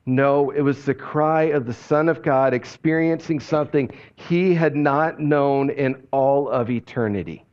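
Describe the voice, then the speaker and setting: A male pastor giving a sermon in a hushed, reflective way. His voice sits at a middle pitch and often sinks low and soft at the end of a thought. The recording sounds slightly dull and muffled. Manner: slow, hushed and reflective, dropping low on key phrases.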